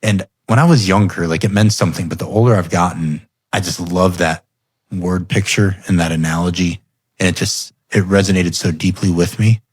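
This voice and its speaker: A man's voice: low-pitched, moderate pace, husky, dry recording. A man hosting a podcast, telling family stories with laughs and growing animation. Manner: animated storyteller, laughs often. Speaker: podcast host. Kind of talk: casual storytelling conversation.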